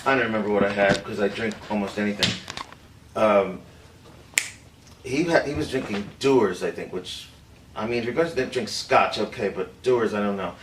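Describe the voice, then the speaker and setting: A man playing an older film director, hesitant and halting, lots of fillers, roomy distant mic, faint room noise. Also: lowish voice, close to an everyday voice. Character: older male film director recalling a secret White House meeting. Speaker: actor in a staged confession. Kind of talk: rehearsed improvised storytelling.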